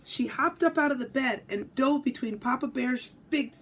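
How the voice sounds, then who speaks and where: A woman, a physical education teacher, reading a picture book aloud with animated storytelling. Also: high-pitched, normal speed, few pauses, husky.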